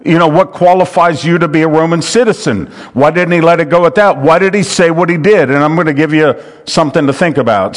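Bible study teacher, male, a little higher voice, earnest, restarts a lot. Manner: earnest, repeats words as he restarts phrases.

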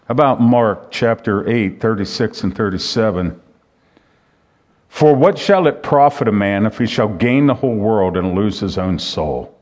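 Male preacher, mid-pitched voice, sermon delivery, reads scripture and repeats rhetorical questions. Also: moderate pace, darkish tone.

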